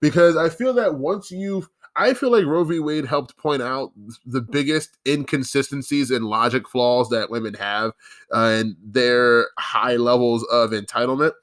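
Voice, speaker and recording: A man's voice: medium pitch, measured pace, a bit bright. A young man hosting his own podcast, talking alone in a casual, ranting, sarcastic way with frequent restarts. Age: young adult. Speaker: podcast host. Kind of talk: casual solo podcast monologue.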